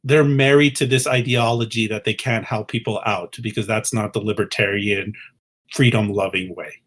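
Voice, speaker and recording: A man's voice: fairly low pitch, fairly even intonation, normal speed, a bit bright. Earnest hesitant man on a podcast. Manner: earnest, hesitant, restarts often. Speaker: podcast co-host. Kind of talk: casual political chat.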